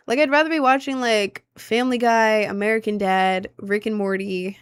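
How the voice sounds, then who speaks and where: A woman's voice: medium pitch, moderate pace, clean tone. A young woman in her twenties chats casually with her viewers. She rambles and hesitates, packing her talk with filler words. The sound is dry and close, with no room echo. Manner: rambling, filler-heavy, self-conscious. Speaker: streamer answering chat. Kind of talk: casual chat.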